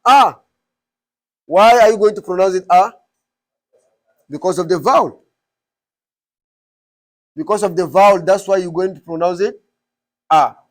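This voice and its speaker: A man's voice: high voice, a little slow, pauses often. A man teaching a class, explaining step by step and quizzing students with repeated questions. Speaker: Arabic teacher.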